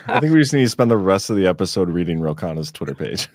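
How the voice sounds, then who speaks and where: A man's voice: deep voice, big pitch swings, fast talker, a little mellow, no room sound. A man hosting a podcast in casual chat, teasing and incredulous in his reactions. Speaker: podcast host.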